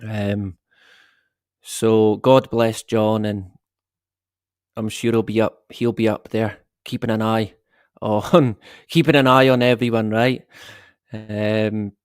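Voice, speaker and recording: A man's voice: fairly low pitch, little pitch movement, measured pace, pauses often, no echo, clean studio sound. A middle-aged man hosting a casual live stream, rambling and swearing with the odd chuckle. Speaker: livestream host.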